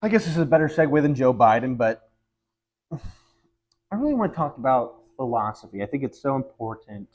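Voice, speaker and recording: A man's voice: medium pitch, big pitch swings, moderate pace, pauses often, a little mellow. A man hosting his own vlog from home, talking in a rambling casual monologue full of ums and frustration. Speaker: vlog host. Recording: slightly dull lo-fi recording.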